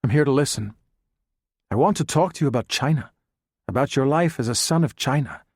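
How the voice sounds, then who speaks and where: A man reading the part of a suave, calm middle-aged Chinese spymaster who speaks with a Spanish accent, soft and unhurried. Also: medium pitch, no echo, clean studio sound.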